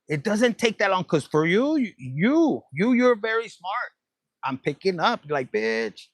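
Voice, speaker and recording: A man's voice: on the high side, slightly rough, dry recording. A man giving a casual tarot reading, playful and profane, dropping Spanish phrases. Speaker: tarot reader.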